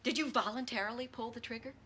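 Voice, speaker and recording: Casting: a pointed, probing prosecutor, bright voice, slightly high. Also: female voice, steady tone, fast talker, slight background noise. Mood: pressing. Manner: probing, pointed cross-examination. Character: sharp, relentless female prosecutor. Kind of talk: TV movie courtroom drama.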